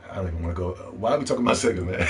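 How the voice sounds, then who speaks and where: A young man hosts a live gaming stream in a loose, profane rant. His pitch swings wide, from low mumbles to excited shouts. He laughs at his own jokes and talks straight to his chat. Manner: animated, profane, playful shouting.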